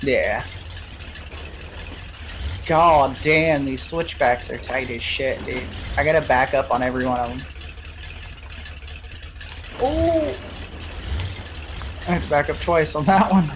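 Over slight background noise, a young gamer with a mid-range voice chats at normal speed with a friend during co-op streaming play. The talk is laid-back and profane, full of jokes and frequent laughter.

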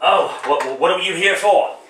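A man's voice: sits high, unhurried, a bit bright. A man voicing a grumpy, whiny old miser, grumbling in a one-man comedic radio play. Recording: roomy echo, distant mic.

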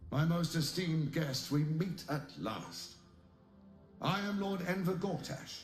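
An actor playing a polished, self-assured lord who speaks formally in a video game. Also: male voice, on the high side, lively intonation, takes it slowly, reverberant, soft background music. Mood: courtly menace. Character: scheming, smooth-talking male lord, self-assured. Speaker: game character.

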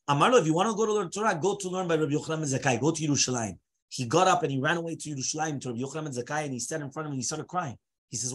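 A man's voice: a little high, lively intonation, fast talker, a bit bright, slightly rough. A man teaching a Torah class as a rabbi, mixing Hebrew phrases into English and asking rhetorical questions.

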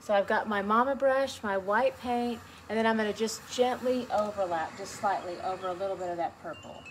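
A woman instructor with a medium-pitched voice runs a relaxed, step-by-step painting tutorial for beginners, speaking briskly. She's chatty and encouraging as she explains each brushstroke, and background noise is noticeable.

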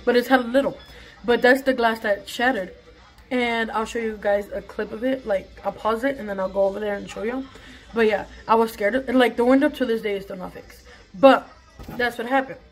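A woman's voice: a little high, fairly quick, faint music behind, low-quality recording. A young woman tells a casual storytime vlog, chatty and swearing freely. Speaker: vlogger.

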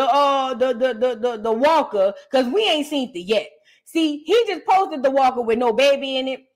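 High-voiced brash woman host. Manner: brash, mocking and profane. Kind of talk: casual reaction commentary.

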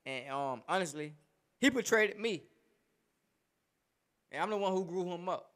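A man's voice: high-pitched, animated, unhurried, a bit bright. A man, a rapper being interviewed, talking casually and rambling as he stumbles over and repeats his words. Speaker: rapper guest.

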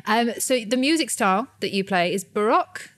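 A woman's voice: fairly high pitch, animated, a little fast, a bit bright. A woman hosting a podcast interview in a studio, chatty, upbeat and a little self-deprecating. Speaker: podcast host. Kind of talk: casual interview. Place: new studio. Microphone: studio microphone.

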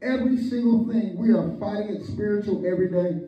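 Older pastor, lively joking sermon, high voice, muffled distant recording in a big echoey church. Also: male voice, fairly quick. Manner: call-and-response preaching, joking asides. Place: church sanctuary. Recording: echoey hall, distant, dull lo-fi.

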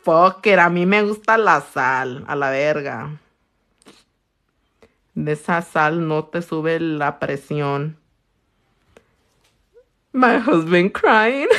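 A woman, a nail technician chatting loudly and crudely on a livestream while she works, teasing and laughing a lot. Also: low-pitched, lively intonation, slow pace, pauses often. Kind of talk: casual livestream chat while doing nails. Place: her own room.

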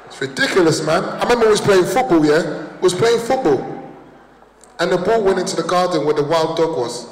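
Stand-up man, high voice, punchy crowd work, long hall echo and noise. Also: a little fast. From London. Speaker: stand-up comedian. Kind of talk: stand-up comedy. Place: large town hall stage.

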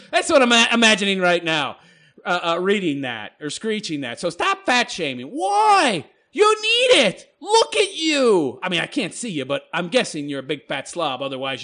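A man reads viewer comments aloud on his own channel and answers them with scorn. His voice sits high and swings widely in pitch. He rambles and laughs as he goes. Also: sharp tone. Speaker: channel host responding to comments. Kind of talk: mocking commentary monologue.

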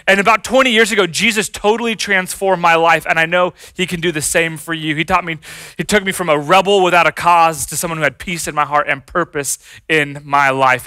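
Pastor guy preaching, high bright voice, acts out his stories, dry close sound. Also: dry recording. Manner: animated storytelling, acts out voices. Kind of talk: sermon.

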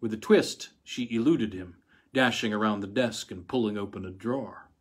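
A man reading a story aloud in a measured, dramatic narration. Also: on the low side, slightly rough. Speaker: audiobook reader.

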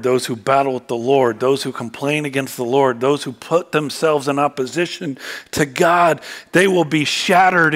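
A man preaching a sermon as a church pastor, swinging from quiet, low reflection to loud, fervent exhortation.

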